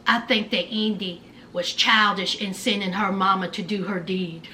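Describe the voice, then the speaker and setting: A woman's voice: mid-range voice, fairly even intonation, moderate pace, noisy background, pitched below the performer's own voice, lightly acted. A woman mimicking a defensive grown man in a mocking, blustery way during a TV recap.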